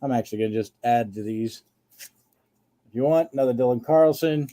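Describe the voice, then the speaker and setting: A man hosts a live card-sale stream in an easygoing, casual way. He talks at an ordinary middle pitch and runs through the cards as he shows them. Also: moderate pace, mellow.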